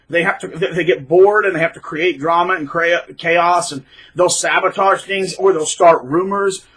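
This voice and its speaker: Husky, bright-voiced man rambling. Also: on the high side, poor audio. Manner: rambling, repeats words, many fillers. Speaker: channel host. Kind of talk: casual monologue to camera.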